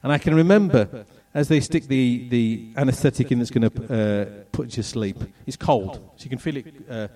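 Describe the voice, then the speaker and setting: Middle-aged man from England, animated testimony speaker, mid-pitched voice, distant mic. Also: normal speed, few pauses. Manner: animated storytelling, acts out voices and moments. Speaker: speaker telling his testimony. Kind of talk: personal testimony talk with slides.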